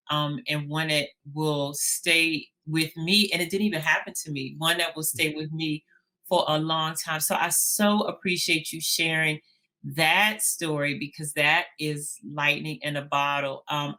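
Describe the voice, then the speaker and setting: A woman's voice: low-pitched, fairly even intonation, unhurried, bright, forceful tone. A woman hosting an interview, affirming her guest with frequent murmured agreement. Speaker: host.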